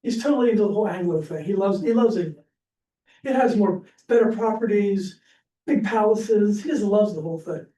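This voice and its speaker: A man's voice: sits high, fairly quick, warm tone. A man teaching an informal history class at church, chatty and rambling, with lots of fillers and restarts. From Pennsylvania. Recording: echoey room, distant mic, faint hiss.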